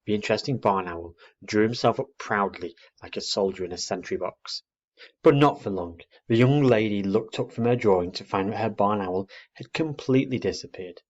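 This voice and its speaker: A man reading a children's book aloud in an expressive way. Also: fairly low pitch, moderate pace. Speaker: storyteller. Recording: dull muffled recording.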